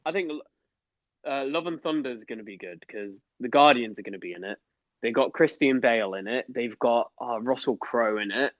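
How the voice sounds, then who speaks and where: A man's voice: mid-range voice, moderate pace, dry recording, lo-fi sound. A young man co-hosting a casual chat, rambling with enthusiasm and swearing. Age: young adult. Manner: rambling, enthusiastic, swears, fillers like mate and bro. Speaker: podcast co-host.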